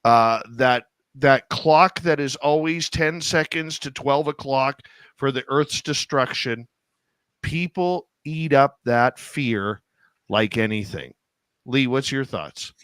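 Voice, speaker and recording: A man's voice: medium pitch, slow, fairly bright tone, clear, resonant tone, no echo. A man hosting a talk radio show, rambling and sarcastic, firing off rhetorical questions. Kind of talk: casual talk radio banter.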